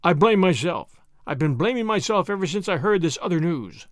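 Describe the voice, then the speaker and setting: A man reading an audiobook, voicing a grave, kindly older official who speaks in a measured way. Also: high voice, expressive, no echo, clean studio sound.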